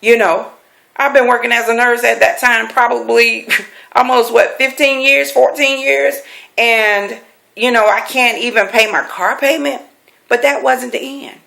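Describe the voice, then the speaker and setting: Animated storytelling woman, slightly high voice. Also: measured pace, creaky. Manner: animated, acts out quoted voices; emphatic repetition. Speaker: life coach. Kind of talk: personal storytelling.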